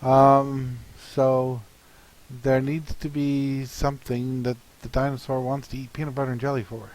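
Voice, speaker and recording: A man's voice: medium pitch, little pitch movement, a little mellow, poor audio. A man, a comic artist, thinking aloud in a hesitant, musing way while planning a comic. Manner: hesitant and musing, with many pauses and fillers.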